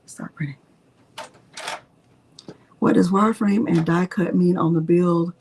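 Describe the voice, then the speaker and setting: A woman's voice: fairly low pitch, steady tone, a little slow, a little mellow, a little hiss or hum. A woman hosting a casual live crafting tutorial, chatting as she narrates each click and answers viewers in the chat, sometimes muttering to herself. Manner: talks to herself under her breath at times. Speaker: craft channel host.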